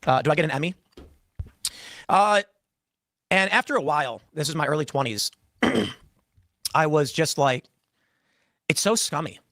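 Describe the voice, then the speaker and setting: A young adult man telling an animated story, acting out the dialogue with shifting voices. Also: on the high side, normal speed, long pauses, no room sound. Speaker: podcast host telling a story.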